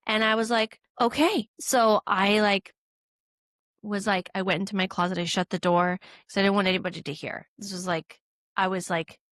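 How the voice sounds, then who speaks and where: A woman's voice: mid-range voice, little pitch movement, moderate pace, a bit bright, dry recording, studio quality. A young woman co-hosting a podcast, telling her story candidly and emotionally, with many fillers. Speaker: podcast co-host. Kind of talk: casual conversation.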